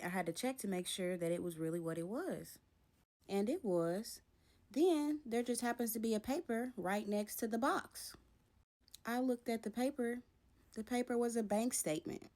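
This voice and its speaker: A young woman vividly retells a personal ordeal in a storytime vlog. She jumps between her own voice and the other person's, acting out each side of the argument. Her pitch sits in an ordinary middle range. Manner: animated retelling, acting out both sides of arguments.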